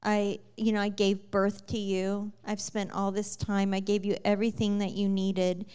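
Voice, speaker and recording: A woman in her thirties giving a personal faith testimony, telling her story with many restarts and growing loud when excited. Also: mid-range voice, moderate pace, clean tone. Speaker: speaker sharing a faith testimony.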